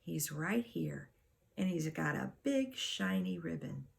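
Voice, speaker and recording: A woman reading aloud, voicing a loving, wise grandmother who speaks gently and reassuringly. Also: lowish voice, animated, slow, creaky, exaggerated voice. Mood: gentle.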